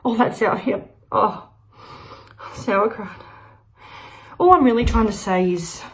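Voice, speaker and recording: A woman giving a comic spoken-word performance, rambling through an absurd story with frequent laughs, loud shouts and quiet muttered asides. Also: medium pitch, expressive, takes it slowly. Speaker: open-mic performer.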